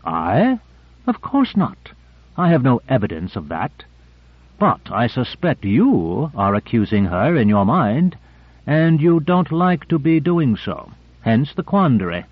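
A man's voice: mid-range voice, very animated, takes it slowly, husky, no echo, muffled recording, full character voice. Male reader playing sardonic probing man, sly, dry phone-thin audio.

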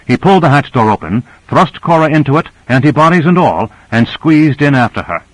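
A man reading a novel aloud in a measured, even narration. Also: on the high side, no echo, poor audio. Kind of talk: scripted audiobook narration.

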